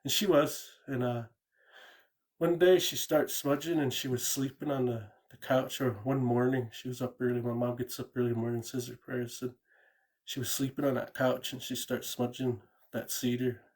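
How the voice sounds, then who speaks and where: This caller's voice is medium-pitched, level and darkish, at a moderate pace, as he rambles casually through a true ghost story, often repeating words and saying "you know."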